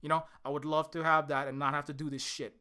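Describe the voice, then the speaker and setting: A man from Hawaii, an indie game developer, delivering a heated, profane rant to camera, repeating himself and swinging from shouting to weariness. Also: fairly high pitch, level tone, fast talker, clean tone. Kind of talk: direct-to-camera angry rant.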